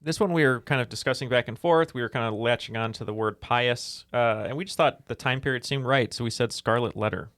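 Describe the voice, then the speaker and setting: A man's voice: mid-range voice, brisk, hardly any pauses, fairly bright tone, dry recording, clean studio sound. A man competing on a trivia podcast, telling anecdotes in a chatty way. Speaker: quiz contestant. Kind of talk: casual game show chat.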